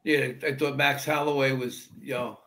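A man's voice: medium pitch, level tone, normal speed, a bit bright. A man on a video call chatting in an easygoing way, mixing short remarks with longer runs of talk. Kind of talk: casual livestream chat.

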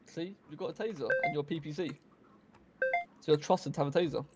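A man role-playing a police commander, speaking calmly and patiently to smooth things over. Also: on the high side, brisk, loud music behind the voice. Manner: calm, patient and placating. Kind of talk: role-play banter.

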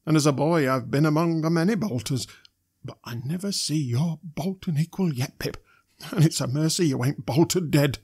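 A man doing a gentle, slow-spoken blacksmith. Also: fairly high pitch, breathy edge, voice pushed up. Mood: solemn. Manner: slow, earnest, homely speech.

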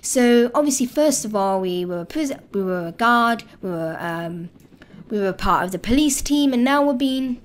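A woman hosting a gaming video, chatting excitedly and thinking aloud as she plays. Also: on the high side, normal speed. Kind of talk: casual let's-play commentary.

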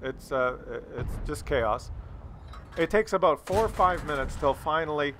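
Over gameplay, a male video creator shares an amusing family story in a casual, animated way, impersonating the people in it. His pitch is fairly high and his pace moderate, with background noise present.

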